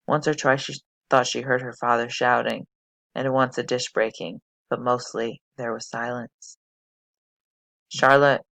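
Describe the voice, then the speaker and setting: A teacher reading a novel aloud for a fifth-grade class, steady and expressive. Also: medium pitch, vocal fry, no room sound.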